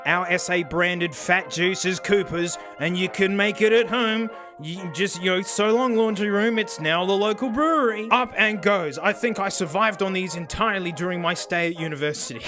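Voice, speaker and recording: A man with a South Australian accent hosting a casual comedic vlog, energetic and slangy, saying "mate" constantly. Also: sits high. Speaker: video host.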